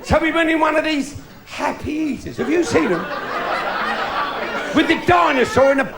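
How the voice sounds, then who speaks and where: A middle-aged man tells bawdy tales on stage, his voice high and gravelly with a lively, swooping delivery. The live recording is noisy, with a loud crowd laughing all around. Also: normal speed. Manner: bawdy, cheeky, storytelling with punchlines. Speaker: stand-up comedian. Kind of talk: stand-up comedy routine. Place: theatre stage before a live audience.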